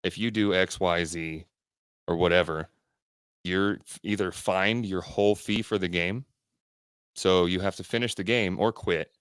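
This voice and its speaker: Low smooth-voiced guy on a podcast, blunt, swears a lot, dry sound. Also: steady tone, unhurried, fairly bright tone, no room sound. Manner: blunt, swears often, ranting. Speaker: podcast co-host. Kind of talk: casual chat.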